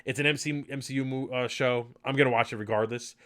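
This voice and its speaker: A man's voice: mid-range voice, steady tone, quick pace, fairly bright tone. A man hosting a casual live podcast, chatty and enthusiastic, rambling with fillers. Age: adult. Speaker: podcast host.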